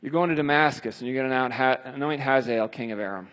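A man's voice: mid-range voice, quick pace, fairly bright tone. A male preacher retelling scripture in a conversational sermon with emphatic stresses. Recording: long hall reverb.

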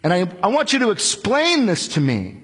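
An exasperated Roman governor, as a preacher puts him on pushes with loud, incredulous questions, his voice pitched high and swinging widely. The husky tone rings out through a reverberant hall. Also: huge pitch swings, moderate pace, exaggerated voice. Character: exasperated Roman governor, man, impatient, pushy. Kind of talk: dramatized scripture paraphrase in a sermon.

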